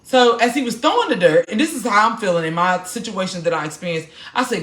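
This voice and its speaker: A woman hosting a live stream tells a personal testimony like a short sermon, animated and preachy and talking straight to her viewers. Her voice rings in a roomy, echoey space. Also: medium pitch, quick pace, hardly any pauses. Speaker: podcast host.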